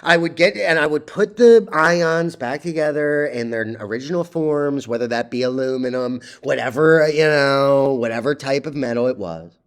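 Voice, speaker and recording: A man's voice: medium pitch, moderate pace, few pauses, clean tone. A young man hosting his own stock video, talking bluntly and swearing, rambling through charts with many restarts. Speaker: stock market video host. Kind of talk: ranting stock chart commentary.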